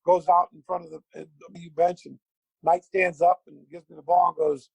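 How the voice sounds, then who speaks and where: Gravelly, high-voiced storytelling man. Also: moderate pace, no room sound, low-quality recording. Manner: lively anecdote teller, acts out quotes. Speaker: guest, former pro basketball player. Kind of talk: animated storytelling.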